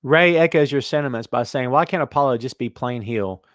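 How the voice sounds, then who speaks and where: A man hosting a casual wrestling talk show, animated and chatty, reading out listener comments. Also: medium pitch, brisk, no room sound, studio quality. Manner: animated, reads out chat comments. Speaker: podcast host.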